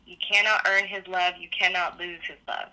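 A woman's voice: lowish voice, level tone, normal speed, sharp tone. A woman with a Canadian accent, a podcast guest calling in, who speaks earnestly and keeps repeating her point. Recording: tinny phone line.

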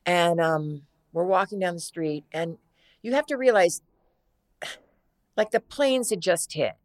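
A middle-aged actress, a guest, telling a long story in a casual interview, rambling and halting with many restarts. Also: female voice, fairly low pitch.

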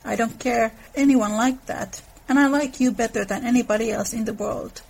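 A woman reading aloud the lines of a flustered young woman turning down a proposal, in her husky voice. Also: a little high, steady tone, moderate pace, a little mellow, rough recording. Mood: distressed. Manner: read aloud from a novel.

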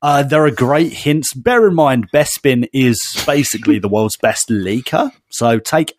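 Male podcast co-host, mid-pitched, relaxed banter, dry booth sound. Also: a little slow, dry recording. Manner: chatty, laughs often, says "mate". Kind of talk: casual chat.

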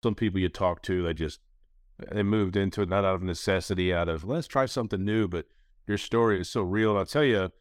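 A man in his thirties hosting a casual podcast, telling stories in an animated way. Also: sits low, a little fast, no echo, studio quality. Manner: animated storyteller, acts out quoted voices. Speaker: podcast host.

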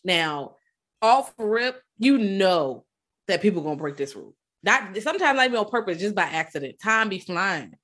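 A woman co-hosting a podcast, retelling a film in a lively, profane, casual way. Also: medium pitch, normal speed. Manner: animated, profane, acts out quotes. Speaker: podcast co-host.

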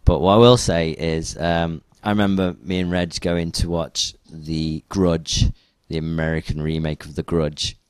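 A man's voice: low-pitched, level tone, a little slow, hardly any pauses, smooth, dry recording. A man hosting a casual podcast, laid-back and hesitant with many ums. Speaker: podcast host. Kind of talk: casual chat.

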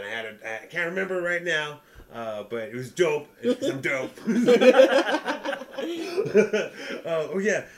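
A young man telling a rambling, animated story in casual chat, often breaking into laughter. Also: on the high side. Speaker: podcast co-host, comedian.

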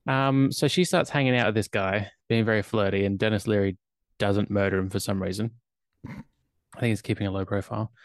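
A man's voice: on the low side, steady tone, fairly quick, no room sound. A man with an Australian accent, co-hosting a podcast and recapping a film in casual chat with dry humor. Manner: chatty, wry film recaps with filler ums. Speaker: podcast co-host.

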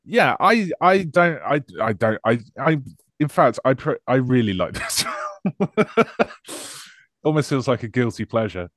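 Male podcast co-host, dry close sound, sarcastic, laughing, lively pitch. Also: measured pace, no echo. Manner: loose, laughing, sarcastic film banter. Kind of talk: casual chat.

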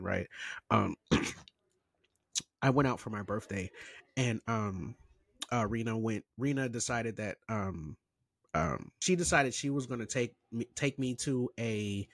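A man co-hosting a podcast, telling a story in a loose, rambling way, full of restarts and lively impressions. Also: mid-range voice, no room sound. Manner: rambling, self-interrupting, animated impressions. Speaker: podcast co-host. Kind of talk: casual chat, storytelling.

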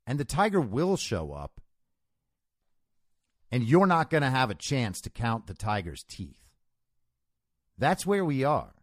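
Lively, animated male show host. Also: mid-range voice, no room sound, clean studio sound. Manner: conversational, storytelling, emphatic. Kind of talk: solo commentary monologue.

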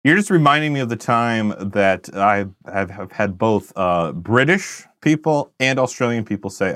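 An easygoing American man co-hosting a casual film podcast, relaxed and full of fillers as he talks. His voice sits fairly low. The sound is dry and close to the mic. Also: normal speed, hardly any pauses, no room sound. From United States. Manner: easygoing, uses many fillers. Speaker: podcast co-host. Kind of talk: casual film review chat.

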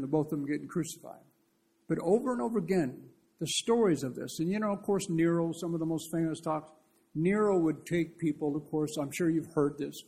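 Guy preaching, kinda high husky voice, lively storytelling, earnest. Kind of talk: conversational sermon.

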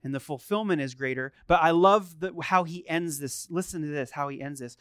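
A man's voice: fairly high pitch, brisk, clear, resonant tone, no echo, clean studio sound. A middle-aged male pastor preaching a sermon in a conversational way, often asking his listeners questions. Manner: conversational, asks the congregation questions.

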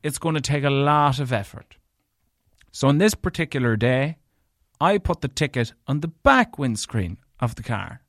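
A man's voice: medium pitch, animated, normal speed, no echo, clean studio sound. Angry, profane Irish man telling a story. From Ireland. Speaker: podcast host. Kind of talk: solo storytelling rant.

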